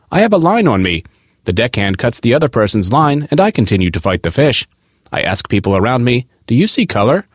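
Reading a magazine article out loud, a man sounds lively and expressive, with plenty of rise and fall in his pitch. The sound is close and dry, carrying no room sound.

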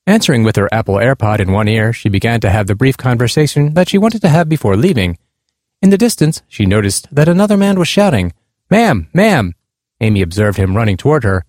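A man earnestly reading aloud a personal essay about his blind parents' experiences, in a measured tone. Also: medium pitch, big pitch swings, a little mellow, dry recording, studio quality. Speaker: speaker on disability awareness.

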